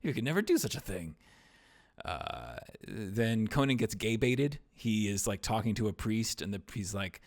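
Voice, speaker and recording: Low-voiced rambling male podcast host. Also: animated, normal speed. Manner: rambling, wry, trails off into mumbles. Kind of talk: casual film discussion podcast.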